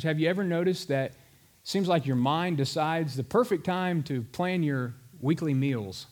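A male pastor delivers a sermon, talking conversationally and telling stories with animation. His voice sits a touch above the usual male pitch.

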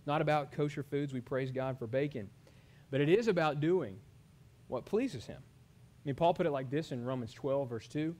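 A man's voice: on the high side, normal speed, a little mellow. A man, preaching a sermon and putting earnest questions to his congregation. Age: 30s. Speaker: pastor.

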